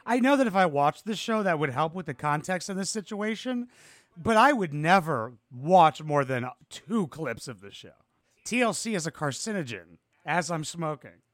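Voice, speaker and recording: A man's voice: a little high, big pitch swings, normal speed, fairly bright tone, dry recording, studio quality. A man hosting a podcast, giving crude, sarcastic comedic reactions to reality TV clips. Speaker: podcast host.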